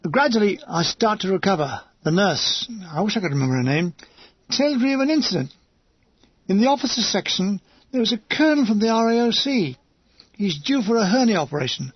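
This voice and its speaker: Guy narrating a funny war memoir, high husky voice, wry, dry dull home recording. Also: no room sound. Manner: wry, dryly comic delivery. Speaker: audiobook narrator.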